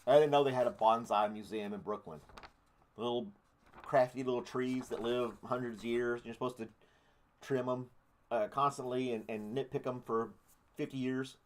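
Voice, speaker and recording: A man's voice: medium pitch, fairly even intonation, moderate pace. Rambling, joking man hosting a podcast. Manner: rambling, jokey, crude asides. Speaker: podcast host. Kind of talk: casual live-stream chat.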